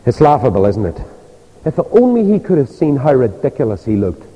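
An older man with a Northern Irish accent preaches a sermon, telling stories animatedly and acting out his characters' voices. His medium-pitched voice is sing-song, fairly quick, and dark in tone, recorded in a dull, reverberant church hall.

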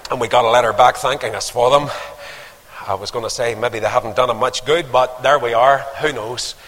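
An older man preaches a sermon in a church with long hall reverb, telling stories and building to emphatic calls to action. His voice is mid-range and a bit bright, moving at a fairly quick pace.

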